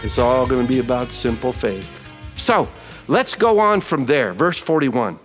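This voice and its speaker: Animated man preaching in a reverberant hall. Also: medium pitch, measured pace, faint music behind. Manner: animated, acts out grumbling voices. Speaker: pastor. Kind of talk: verse-by-verse sermon.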